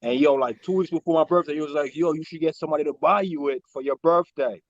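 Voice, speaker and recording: A man calling in to a fan show, telling a story in an animated, slangy way. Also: a little high, fast talker, no room sound, lo-fi sound. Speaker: caller. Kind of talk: casual call-in chat.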